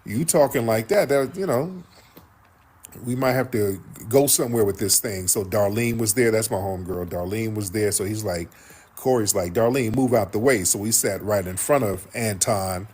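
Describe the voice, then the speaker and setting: A man's voice: lowish voice, normal speed, darkish tone, slightly rough. A man telling a story casually in a played clip, animatedly acting out what others said. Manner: retells a confrontation, acting out quotes animatedly.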